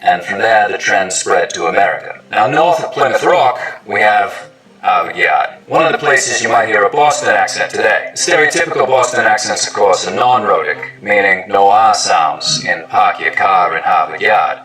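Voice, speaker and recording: A man delivers a clear, didactic explainer, and his tone comes across bright and forceful. His voice sits slightly low and sounds a little distant from the microphone. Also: lively intonation, normal speed. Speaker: accent coach. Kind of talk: scripted explainer narration.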